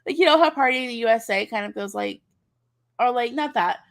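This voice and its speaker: A woman's voice: on the high side, fairly quick. A woman co-hosting a casual chat stream, playfully spinning silly imagined scenarios. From United States. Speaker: co-host.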